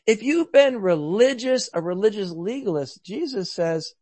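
A man preaching a sermon earnestly, rising to loud emphasis and dropping to hushed, soft lines. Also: high voice, lively intonation, unhurried, few pauses, no echo.

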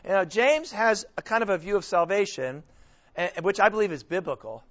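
This preacher's voice rides high and a little bright, animated and fairly quick as he teaches scripture at a Bible study. He keeps questioning the group and restarting his lines, all on a dull lo-fi recording.

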